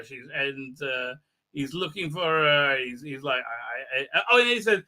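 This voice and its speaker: A man's voice: medium pitch, animated, moderate pace, pushed and bright. A man hosting a live stream recap, talking crudely and rambling with many fillers and restarts. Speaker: live show host.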